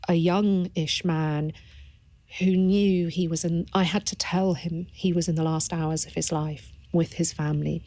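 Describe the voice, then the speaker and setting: A woman's voice: sits low, darkish tone. A woman, a palliative care doctor, talking earnestly and thoughtfully in an interview, often restarting her phrases. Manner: earnest and thoughtful, with frequent restarts and repeated words. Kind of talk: reflective interview conversation.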